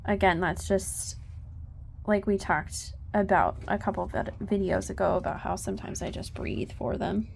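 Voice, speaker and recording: A woman horse trainer filming on a handheld phone outdoors by a trailer, talking softly and coaxing her horse with praise. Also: mid-range voice, steady tone, normal speed, creaky, slight background noise. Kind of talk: casual training vlog. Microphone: handheld phone camera.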